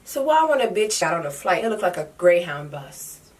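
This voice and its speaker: A woman's voice: on the low side, big pitch swings, normal speed, far from the mic. A young woman telling a travel story in a sassy, dramatic, slangy way. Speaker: vlogger. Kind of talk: casual storytime vlog.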